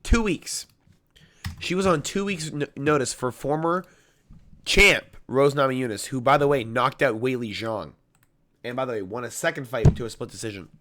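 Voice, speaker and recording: Talking at a normal speed with a sharp, medium-pitched voice, this man offers offhand MMA picks in a loud, emphatic, wandering way. Heavy swearing runs throughout, and hoarseness is creeping into his voice.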